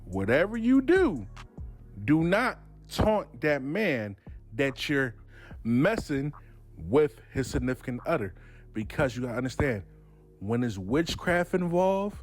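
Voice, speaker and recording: A man telling a casual story, acting out both sides of a dialogue. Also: medium pitch. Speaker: storyteller host.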